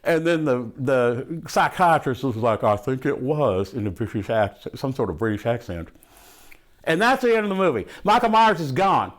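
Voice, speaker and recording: A man's voice: medium pitch, sing-song, normal speed, voice pushed down, lightly acted. A man playing a brash, foul-mouthed movie buff in a comic monologue, rambling and loose, full of swearing and "ain't". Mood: excited. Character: brash foul-mouthed man gushing about horror films.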